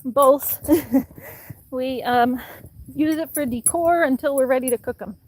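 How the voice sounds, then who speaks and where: High-pitched woman coaxing her dogs. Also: slow pace, a little mellow. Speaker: vlogger. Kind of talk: casual chat with her pets. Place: outdoors at home, yard and street.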